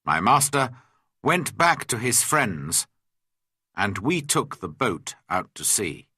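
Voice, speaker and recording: A man slowly reading a graded story aloud for English learners, in an expressive, dramatic way. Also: on the low side, slightly rough, no room sound, clean studio sound.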